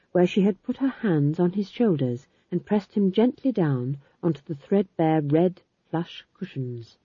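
A woman narrating an audiobook in an expressive, wry reading style. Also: lowish voice, slightly rough, no echo. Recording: slightly dull lo-fi recording.

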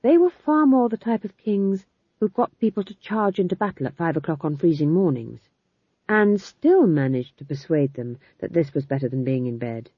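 A woman reads an audiobook expressively, with a wry touch. Her low, husky voice swings widely in pitch. The recording is dry and a little dull. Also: sing-song, moderate pace, no echo. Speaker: audiobook narrator. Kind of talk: audiobook narration.

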